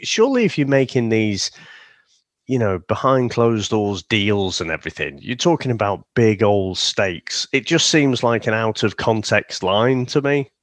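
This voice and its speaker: A man's voice: lowish voice, lively intonation, a little slow, dry recording, studio quality. A man co-hosting a casual film review chat, rambling through the plot and laughing often. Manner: rambling, laughs often, drops into silly voices. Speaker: podcast co-host.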